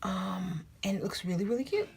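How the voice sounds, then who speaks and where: A woman's voice: medium pitch, a little fast, gravelly. A woman vlogging at home in casual, candid chat, giving blunt opinions and dropping into whispered asides. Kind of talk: casual chatty vlog. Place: at home indoors.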